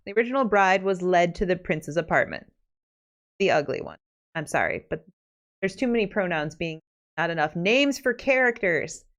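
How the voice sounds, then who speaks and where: A woman's voice: medium pitch, a bit bright, dull audio. Chatty woman retelling fairy tales. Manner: chatty, laughs between asides. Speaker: podcast host. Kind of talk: casual fairy-tale retelling.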